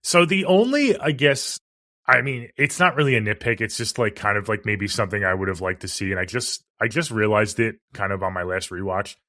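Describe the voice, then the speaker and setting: A man's voice: on the low side, fairly quick, no echo, clean studio sound. A man co-hosting a podcast, chatting casually and with some swearing as he reviews a film and acts out its lines. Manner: relaxed, profane, acts out quotes. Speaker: podcast co-host.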